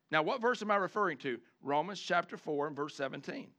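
A man preaching a sermon, animated, switching between chatty asides and loud shouted lines, acting out the people he quotes. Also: on the high side, brisk, hardly any pauses. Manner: acts out the congregation and the people he quotes. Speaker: pastor.

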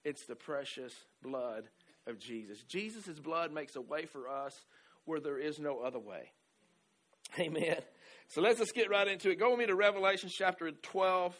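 A man preaching a sermon, moving between quiet conversational asides and loud emphatic declarations, often adding "right?" and "amen". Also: on the high side, moderate pace. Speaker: pastor.

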